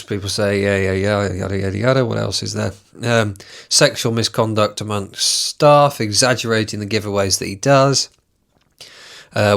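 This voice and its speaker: A man's voice: on the low side, fairly bright tone. A man hosting a solo podcast, ranting in a sweary, sneering, sarcastic way and mocking what he reads aloud. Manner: reads items aloud and mocks them. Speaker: podcast host.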